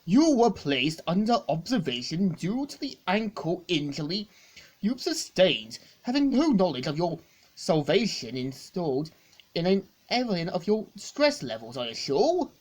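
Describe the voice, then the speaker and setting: A woman's voice: fairly low pitch, sing-song, unhurried, a little mellow, husky, full character voice. Woman reading a stiffly formal robot. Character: polite formal old robot.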